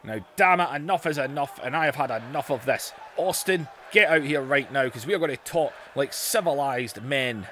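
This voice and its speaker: A man impersonating an angry older male wrestling company boss who slowly scolds a crowd in a ranting wrestling video game promo. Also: mid-range voice, expressive, sharp tone, slight background noise.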